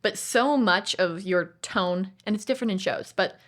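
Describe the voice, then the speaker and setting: A talkative woman co-hosting a podcast, voice sitting at an ordinary middle pitch. She rambles from point to point in easy conversation and slips into little put-on voices for other people's lines. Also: moderate pace, a bit bright. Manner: chatty and digressive, acts out other people's lines. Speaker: podcast co-host. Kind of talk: casual chat about movies.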